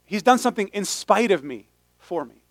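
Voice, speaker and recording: A man preaching a sermon in an animated, humorous way, often stopping and restarting his sentences. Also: sits high, moderate pace, no echo. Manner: animated, humorous, self-interrupting. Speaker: pastor.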